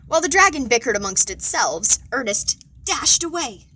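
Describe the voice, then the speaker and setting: Brief: high, animated woman librarian, playful picture-book read-aloud. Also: normal speed, slight background noise, poor audio. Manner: expressive, playful storytelling. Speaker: children's librarian. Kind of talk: children's storytime read-aloud.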